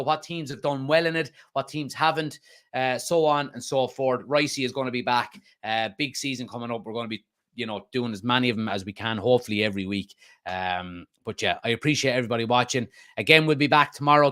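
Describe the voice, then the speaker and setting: A man's voice: mid-range voice, a bit bright. A man hosting a football fan channel, chatting casually about club news, rambling with frequent restarts.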